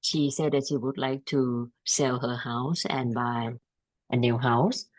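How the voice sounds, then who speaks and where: A participant on a video call, asking a hesitant, halting question about a client during an online class. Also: medium pitch, fairly even intonation. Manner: hesitant, halting, many fillers.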